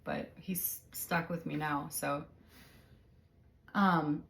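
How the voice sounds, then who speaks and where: Animated woman in her forties explaining. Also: low voice, very slow, vocal fry. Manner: animated, explains with vivid everyday scenarios. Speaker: host interviewing her husband. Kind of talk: casual explanatory conversation.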